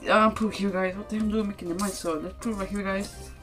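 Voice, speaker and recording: Casual female vlogger, rambling and filler-heavy, average-pitched voice, filmed on a phone at home. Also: steady tone, fast, faint music behind. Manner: rambling, says guys and bro constantly. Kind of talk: casual DIY food vlog.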